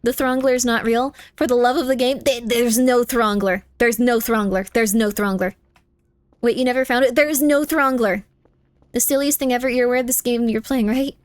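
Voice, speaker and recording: A high-pitched woman streamer chatting while she games, playful and teasing, repeating her denials again and again. She jumps into squeaky protests now and then. Her voice sits on a close mic in a dry, dead-sounding space. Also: steady tone, normal speed, dry recording. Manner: playful, teasing, insistent, repeats phrases over and over. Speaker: live streamer. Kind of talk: casual live-stream chat while gaming.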